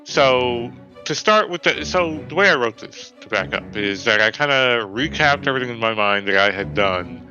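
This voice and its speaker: A man's voice: mid-range voice, animated, moderate pace, few pauses, pushed and bright. A man co-hosting a podcast, recapping in a rambling, hesitant way and casually swearing. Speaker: podcast co-host, new player. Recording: dull lo-fi sound, faint music.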